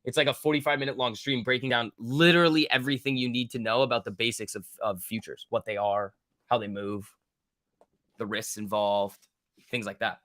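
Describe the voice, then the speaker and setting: A stock trading stream host gives casual live market commentary in a mid-range, slightly bright voice, brisk and fairly even in intonation. The recording is dry with clean studio sound, and he talks loosely, thinking aloud as he reads the market and swearing now and then.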